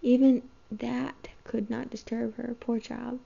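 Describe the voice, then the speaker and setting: A woman's voice: fairly high pitch, flat delivery, takes it slowly, gravelly, dark tone, breathy edge, exaggerated voice. A woman reading the lines of a weary, kindly colonial aunt in a storybook reading, sighing and tired. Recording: dull lo-fi home recording.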